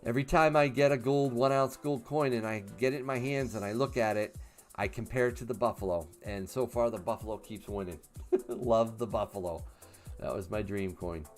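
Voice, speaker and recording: A man's voice: lowish voice, normal speed, faint music behind. A man in his fifties hosting a casual livestream, reading chat questions aloud and answering in a chatty way with fillers and laughs. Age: 50s. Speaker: livestream host.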